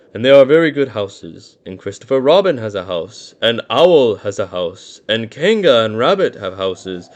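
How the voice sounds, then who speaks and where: A man voicing a gentle, simple-minded bear cub who talks cheerfully and gets a bit muddled, humming his songs. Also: on the low side.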